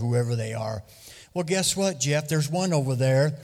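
A man preaching a sermon to a church congregation, lively and loud at times. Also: mid-range voice, moderate pace, long reverb tail. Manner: lively, loud bursts, sings and laughs at times. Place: church hall. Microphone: handheld mic.

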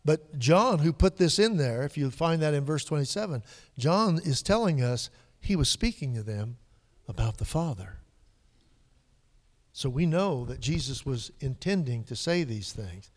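A male pastor preaching a sermon, dropping to hushed whispers and rising to loud, emphatic peaks. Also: a little high, expressive, measured pace. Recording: long hall reverb.

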